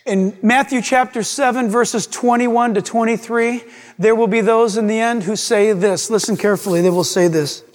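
A man's voice: high voice, steady tone, moderate pace, long reverb tail. A man preaching a sermon with dramatic delivery, acting out the voices of scripture figures.

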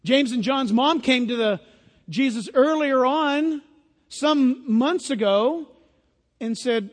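A man preaching a sermon in a lively, conversational way. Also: very high-pitched, slow pace. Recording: long hall reverb.

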